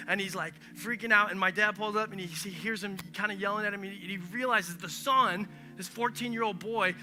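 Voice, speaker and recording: A man preaching a lively, conversational sermon in a church and talking straight to the congregation. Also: high-pitched. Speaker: pastor. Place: church sanctuary. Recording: live church stream with music.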